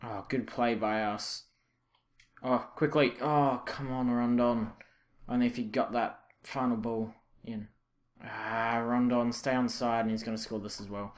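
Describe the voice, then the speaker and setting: A young man commentating his own football video game, reacting loudly and with frustration to misses and saves. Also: medium pitch, steady tone, a little slow. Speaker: gaming channel host. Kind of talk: live gameplay commentary.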